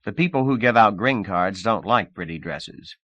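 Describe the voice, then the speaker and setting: A man voicing a confident middle-aged male agent who talks in a brisk, coaxing way. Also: fairly low pitch, expressive, fairly bright tone, dry recording, lo-fi sound.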